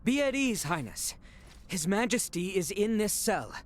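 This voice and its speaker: An actor voicing a loyal young knight who speaks in a formal, courtly way. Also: male voice, sits high, sing-song, a little slow. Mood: earnest. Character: loyal young male knight, earnest and protective.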